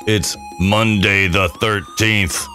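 A man's voice: lowish voice, steady tone, takes it slowly, bright, forceful tone, faint music behind. A man co-hosting a podcast, chatting casually in a joking, goofy, rambling way. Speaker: podcast co-host. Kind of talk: casual chat.

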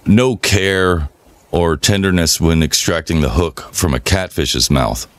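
Deep-voiced guy on a podcast, rambling and swearing, dry close mic. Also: unhurried, no room sound. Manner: relaxed rambling storyteller, swears freely. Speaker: podcast co-host. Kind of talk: casual chat, storytelling.

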